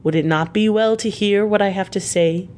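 A woman's voice: medium pitch, moderate pace, a little mellow, voice pushed up, natural voice. Van Helsing, a woman reading a solemn old professor. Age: older. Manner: solemn, formal, pleading. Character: grave elderly male foreign professor, stern yet tender. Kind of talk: audiobook character reading.

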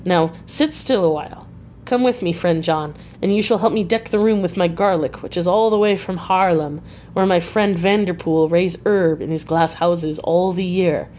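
A woman's voice: lowish voice, moderate pace, darkish tone, a little hiss or hum, lightly acted. A woman voicing a stern, fatherly old male Dutch professor who speaks in broken English. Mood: gentle.

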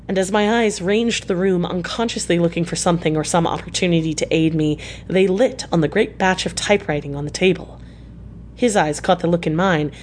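A woman reading a classic novel aloud as scripted narration, in a measured, even way. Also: on the low side, slight background noise. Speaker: audiobook reader.

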